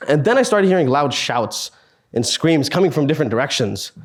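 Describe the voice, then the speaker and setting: A man in his twenties, speaking at a student meetup, telling a personal story in an earnest, halting way with sighs and pauses. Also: on the high side, sing-song. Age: 20s.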